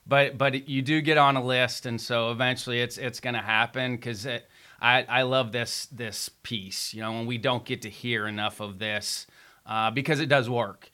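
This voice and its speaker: A man hosting a podcast, talking in a relaxed, reflective, self-deprecating way. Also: medium pitch, normal speed, clean tone. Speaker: podcast host. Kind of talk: casual chat.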